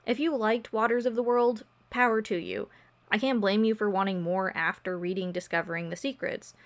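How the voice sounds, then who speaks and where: A woman giving a casual book review, blunt and exasperated in her criticism. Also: mid-range voice.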